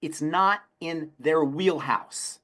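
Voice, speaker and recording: He takes it slowly, his fairly high voice sharp in tone, as this pharmacist answers call-in health questions. Emphatic, he repeats phrases for stress and tells folksy stories.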